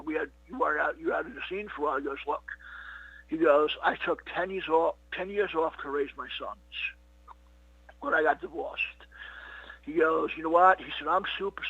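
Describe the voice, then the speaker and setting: A man's voice: a little high, slightly rough, no echo. A middle-aged man, a comedian being interviewed, telling stories in a rambling casual way, full of "you know what" and "he goes". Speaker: comedian guest. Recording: dull lo-fi dry recording.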